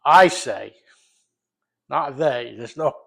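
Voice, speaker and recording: A man's voice: mid-range voice, animated, slow, creaky, husky. A middle-aged man from Rhode Island, rambling loosely and swearing as he makes a recipe in his home kitchen. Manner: rambling, profane, loose and jokey. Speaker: home cook vlogger. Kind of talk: casual cooking vlog.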